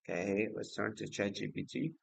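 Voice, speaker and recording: A man's voice: on the low side, moderate pace, creaky, slightly rough, no echo, low-quality recording. A man hosting a casual livestream, speaking hesitantly with many fillers and restarts. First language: Uzbek. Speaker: livestream host and exam student.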